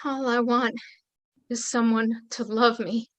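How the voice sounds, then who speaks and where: A woman's voice: on the high side, little pitch movement, slow, highs cut off. A woman reading the part of a frightened young bride, tearful and pleading, in a staged play reading.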